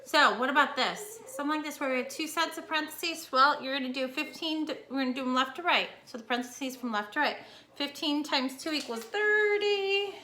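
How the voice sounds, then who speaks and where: A young woman teacher records a casual lesson at home and walks her students through each step in a chatty, friendly way. Her voice sits high and sounds bright and clear. A faint hiss of background noise runs under the recording. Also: a little fast.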